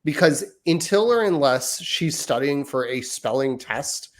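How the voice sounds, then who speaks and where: Male podcast co-host, 30s, mid-pitched, casual and reflective with long qualifying sentences. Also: animated, a little slow. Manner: thoughtful, hedging, speaks in long winding sentences. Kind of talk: casual parenting chat.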